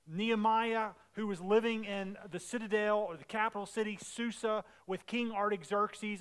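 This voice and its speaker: A man with a high voice preaches a sermon in a relaxed, conversational way. He retells scripture and acts out the dialogue, pressing harder and louder as he builds his point. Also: smooth. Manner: grows louder and more emphatic as he goes. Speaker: pastor.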